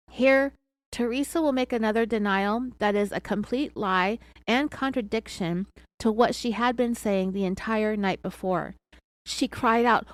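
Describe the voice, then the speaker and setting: A woman's voice: on the high side, measured pace, no echo. A woman podcast host telling a true crime story, with sarcastic asides.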